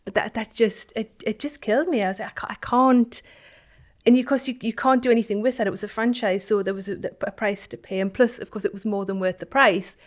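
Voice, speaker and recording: A woman who founded an online business community appears as an interview guest, speaking at an ordinary middle pitch. Her storytelling is reflective and halting, with phrases restarted and left to fade softly.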